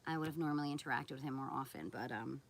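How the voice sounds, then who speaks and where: A woman's voice: rumbling low, fast talker, creaky. A woman live streaming who answers viewer chat in a blunt, scolding, sarcastic way. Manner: sarcastic and confrontational. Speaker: content creator on a live stream.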